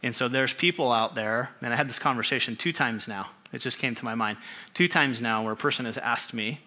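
Bright-voiced man preaching conversationally. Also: mid-range voice, fairly quick. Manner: conversational preaching with rhetorical questions. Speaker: pastor. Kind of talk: sermon.

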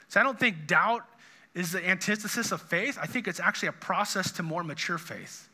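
A man's voice: high voice, a little fast, sharp tone. A middle-aged man, a pastor, preaching a sermon in an earnest, conversational way with frequent restarts.

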